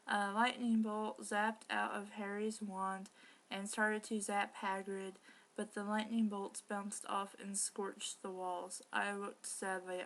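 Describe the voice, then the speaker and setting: A woman reading bad fan fiction aloud for laughs and breaking in with sarcastic, exasperated remarks. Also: medium pitch. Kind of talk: comedic dramatic reading with commentary.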